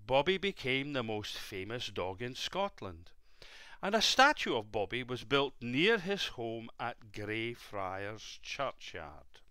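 A man reading a story aloud to a young child, gently asking the child questions along the way. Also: mid-range voice, big pitch swings, takes it slowly, clean tone, no echo, clean studio sound.

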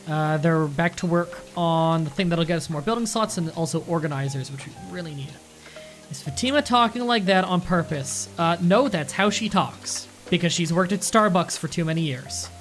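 A streamer talks through a building game and swears now and then. The voice sits at a middle pitch. Faint music plays behind. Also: moderate pace. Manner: chatty commentary, casual swearing, thanks viewers. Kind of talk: casual live-stream chat.

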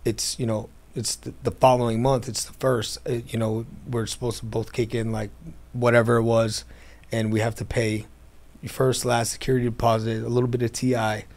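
A man with a medium-pitched voice at an ordinary speed shares how his business unfolded, in a casual interview recorded in an airplane hangar. He tells it animatedly, voicing the other characters' lines himself.

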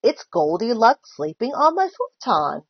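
A woman's voice: on the high side, sing-song, a little slow, breathy edge, no echo, lo-fi sound, exaggerated voice. A woman voicing a small, upset panda boy who wails and whines in a storybook reading. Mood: wailing. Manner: wailing, whiny.

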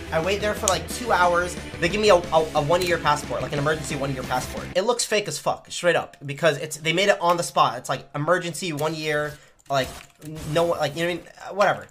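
A young man streaming, telling stories in a casual, animated way and swearing heavily. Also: a little high, fast talker, music in the background. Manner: profane, animated, heavy swearing.

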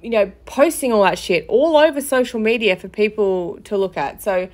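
A woman talks loosely through a casual commentary podcast. Her pitch sits in an ordinary middle range. She rambles in a gossipy way, full of fillers and blunt swearing. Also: moderate pace, a little mellow. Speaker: podcast host.

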